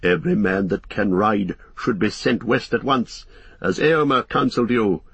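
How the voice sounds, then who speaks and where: A man reading an audiobook voices an old wizard giving grave, measured counsel. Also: lowish voice, fairly bright tone, breathy edge, no room sound, exaggerated voice. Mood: counselling.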